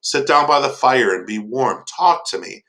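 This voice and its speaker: A man voicing a kindly old blind man who welcomes a stranger, speaking gently and hospitably. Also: mid-range voice, animated, normal speed, voice pushed up, poor audio. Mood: welcoming.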